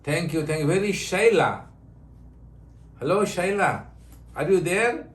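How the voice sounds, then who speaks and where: Brief: older male guru on a video call, slightly high voice, echoey room sound. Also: expressive, unhurried. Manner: warm joking, broken English, chants and sings. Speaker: spiritual teacher. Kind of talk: online satsang.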